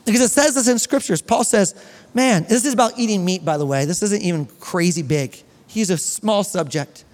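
High-voiced animated male preacher. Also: moderate pace, big-room sound. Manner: animated preaching, reading scripture aloud. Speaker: pastor. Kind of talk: sermon. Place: church hall.

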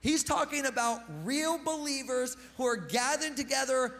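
A man preaching a sermon in a relaxed, conversational way, with slang and joking asides. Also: very high voice, moderate pace, big-room sound, soft background music. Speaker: pastor.

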